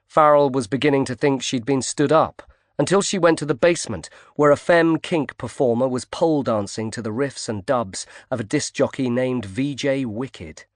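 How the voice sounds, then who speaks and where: Steady male audiobook narrator. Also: mid-range voice, moderate pace, dry recording. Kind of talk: scripted narration. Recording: dry close studio sound.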